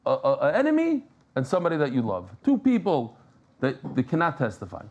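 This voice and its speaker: A man teaches a live Talmud class in a casual, animated style, joking with the room and restarting sentences as he explains. His voice is mid-range and brisk, and the audio is dull.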